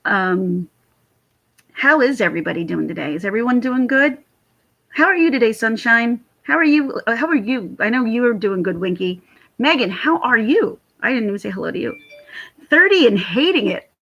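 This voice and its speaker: Woman, 40s, slightly husky, rambling animated livestream chatter at her computer. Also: medium pitch, moderate pace, lo-fi sound. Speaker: vlogger chatting with live viewers. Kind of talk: casual livestream chat. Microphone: computer mic.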